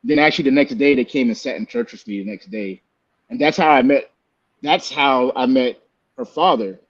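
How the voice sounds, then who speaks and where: A man telling a personal story in a loose, conversational way. He speaks at a middle pitch, jumps up in pitch when he acts out voices, and often restarts his sentences. The sound is a little dull and muffled. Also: moderate pace. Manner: animated, acts out quoted voices, many fillers and restarts. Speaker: podcast guest telling his testimony. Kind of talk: casual storytelling testimony.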